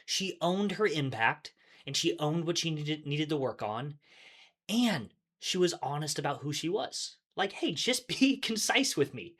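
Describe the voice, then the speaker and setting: This workplace podcast host has a voice on the high side and a bit bright. He chuckles frequently while explaining topics in a casual, upbeat, conversational manner.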